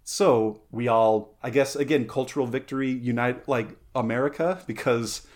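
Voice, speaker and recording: Speaking at normal speed with a medium-pitched, darkish voice, this podcast host keeps the chat casual and playful. He rambles, uses plenty of fillers, corrects himself, and wanders off on tangents.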